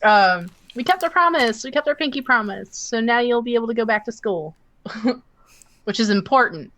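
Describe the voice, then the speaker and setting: A woman's voice: fairly high pitch, animated, moderate pace, fairly bright tone, no echo. A woman playing in a tabletop game, chatty and laughing, with many fillers. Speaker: player. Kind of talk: casual tabletop play.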